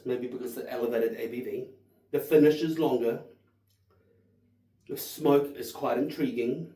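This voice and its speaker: A man's voice: medium pitch, mellow, roomy sound, far from the mic, poor audio. A man in his thirties rambling and swearing cheerfully while tasting whisky for his channel. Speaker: whisky reviewer. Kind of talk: casual tasting vlog.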